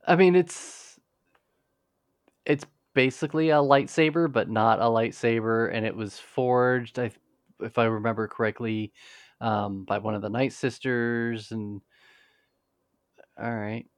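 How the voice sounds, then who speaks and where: A man's voice: mid-range voice, steady tone, unhurried, pauses often, dry recording. Man, podcast co-host, casual rambling recap, frequent restarts, dry close sound. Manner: rambling, restarts often, quotes characters in passing. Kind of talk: casual chat recapping a TV episode.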